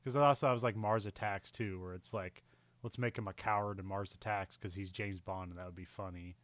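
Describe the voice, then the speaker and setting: A man's voice: fairly low pitch, brisk, dry recording. Rambling, laughing male film podcaster. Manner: rambling, laughs often, animated when excited. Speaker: podcast co-host. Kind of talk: casual film podcast chat.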